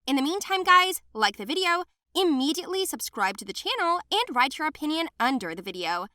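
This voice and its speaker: A woman opens her animated story by chatting straight to the viewers, her voice high and bouncing all over. The tone is bright, and the sound is dry and close. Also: fairly quick, no echo. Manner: chatty, addressing viewers directly. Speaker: narrator. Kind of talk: first-person animated story narration.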